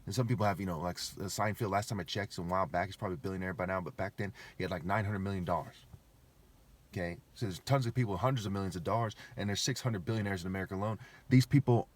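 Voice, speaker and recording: A man's voice: deep voice, racing. A man talking alone to camera in a rambling, emphatic monologue, repeating himself and firing off rhetorical questions.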